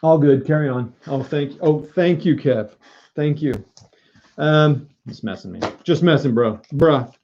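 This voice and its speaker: Guy joking around on a live wargame stream, mellow voice, kinda dull lo-fi audio. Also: on the high side, unhurried. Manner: joking, self-mocking, talks to chat. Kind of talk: casual live-stream commentary.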